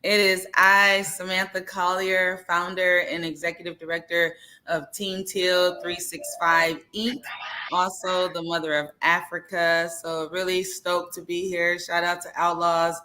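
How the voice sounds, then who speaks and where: A woman guest on a live video-call podcast, introducing herself and chatting in an upbeat, energetic way. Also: fairly low pitch, a little slow. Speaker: podcast guest, nonprofit founder. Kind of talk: casual podcast chat.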